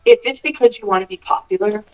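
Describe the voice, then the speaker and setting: A man's voice: sits high, lively intonation, fast talker, lo-fi sound. A man from the United States, a country singer, talks earnestly as a guest in a casual interview, often restarting and filling with "um" and "you know". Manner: earnest, thoughtful, many restarts and fillers.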